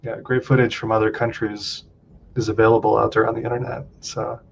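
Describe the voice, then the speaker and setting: A relaxed man, a meditation teacher on as a guest, talks at a mid pitch with easygoing hesitations. His voice comes through dull, muffled call audio, with a faint rumble underneath. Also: a little fast, gravelly. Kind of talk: casual live-stream chat.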